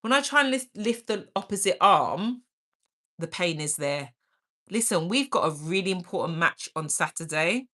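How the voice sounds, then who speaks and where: A woman's voice: on the low side, expressive, normal speed, a bit bright. A woman hosting a casual livestream, chatting to viewers and reading their comments in a bubbly, chatty way. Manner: drops into a whisper for asides. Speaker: livestream host.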